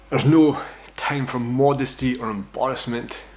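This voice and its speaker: Against a noisy background, a man from Scotland in his thirties tells a personal story for a casual vlog in an unhurried, mid-range voice with fairly even intonation. He rambles and curses, jokes at his own expense, and often adds "right?".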